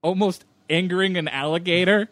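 A man's voice: high voice, steady tone, fairly quick, a bit bright, no echo. A man co-hosting a casual movie podcast, agreeing and chiming in with chuckles. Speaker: podcast co-host. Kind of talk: casual film discussion.

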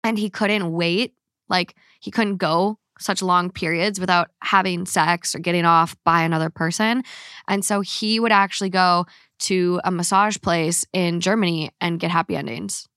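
A woman's voice: on the low side, steady tone, moderate pace, fairly bright tone, no echo, clean studio sound. A young woman hosting a podcast, chatting casually and laughing easily, often tearful when she talks about her worries. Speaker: podcast host.

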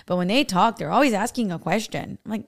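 A woman co-hosting a podcast in casual chat, animated and quick to laugh and swear. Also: medium pitch, gravelly. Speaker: podcast co-host.

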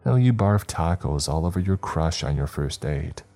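A man voicing a frightened young woman, speaking in a hushed, urgent and shaky way. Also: a bass voice, animated, normal speed, faint music behind, full character voice. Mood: tense hushed.

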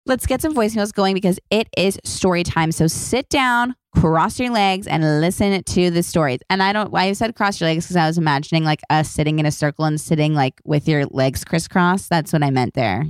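Young woman podcast host, chatty and casual, kinda low voice, dry sound. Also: fairly quick, hardly any pauses, clean tone, dry recording. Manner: chatty, swears casually, gushing. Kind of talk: casual chat.

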